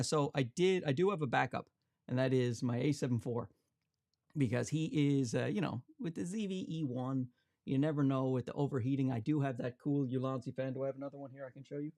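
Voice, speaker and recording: A man's voice: medium pitch, creaky, no room sound. Guy doing a casual camera livestream, jokey, dry close mic. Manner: chatty, joking, reads out viewer comments. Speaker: camera channel host. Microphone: XLR shotgun mic.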